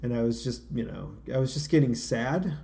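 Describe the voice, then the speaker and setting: A man's voice: mid-range voice, lively intonation, normal speed, vocal fry, dark tone. A man co-hosting a casual podcast chat, telling rambling, self-deprecating stories with lots of restarts. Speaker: podcast co-host.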